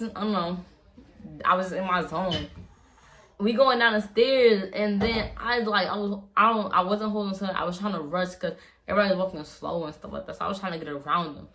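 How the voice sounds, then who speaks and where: A woman's voice: on the low side, normal speed, a bit bright. Rambling young woman telling a story. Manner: rambling, slangy, many fillers and restarts. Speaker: vlogger. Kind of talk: casual storytime.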